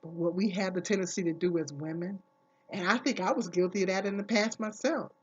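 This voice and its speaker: A woman's voice: lowish voice, brisk, slightly rough, lo-fi sound. A woman vlogger talking casually to camera, giving earnest, emphatic advice and repeating her key phrases.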